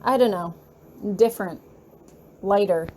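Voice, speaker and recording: Voiced by a woman, a friendly young man speaks in a supportive, lightly teasing way. The tone stays mellow and soft over faint background noise. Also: mid-range voice, measured pace, natural voice. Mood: warm.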